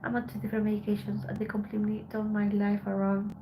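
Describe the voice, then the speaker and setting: A tired woman from Colombia, a Spanish speaker, chatting softly with her live-stream viewers as she reads their messages aloud. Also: mid-range voice, monotone, fast, noisy background. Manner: soft, subdued, switching between English and Spanish. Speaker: live streamer reading chat. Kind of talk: casual live-stream chat.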